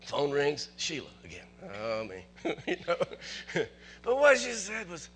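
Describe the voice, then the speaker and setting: Man, pastor, sermon, storytelling, fairly high voice, bright tone, faint hum behind. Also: measured pace. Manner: conversational, builds to excited preaching.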